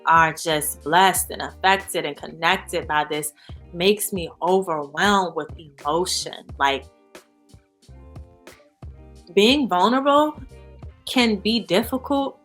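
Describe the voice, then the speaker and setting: A woman speaking as an interview guest in a candid, animated way, full of "you know" and "like". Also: on the low side. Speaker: guest, founder of a support organization. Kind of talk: casual interview chat.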